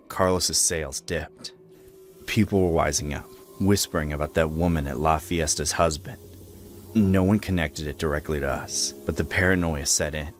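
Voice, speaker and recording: A man narrating a scripted horror story with dramatic, expressive storytelling. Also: very deep voice.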